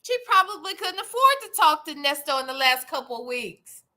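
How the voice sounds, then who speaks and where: A woman's voice: sits high, sing-song, fairly quick, sharp tone. A woman hosting a live stream, giving casual commentary in a sassy, profane and dramatic way.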